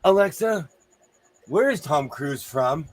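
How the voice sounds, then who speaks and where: Chatty man host, slightly higher voice. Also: expressive, slow pace, dry recording. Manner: chatty, joking asides. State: losing his voice. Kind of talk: casual chat.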